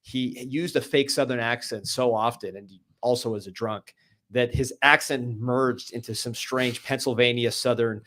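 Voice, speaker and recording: A man's voice: mid-range voice, steady tone, moderate pace, a bit bright. A man co-hosting a sports podcast, chatting and telling stories in casual talk. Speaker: podcast co-host.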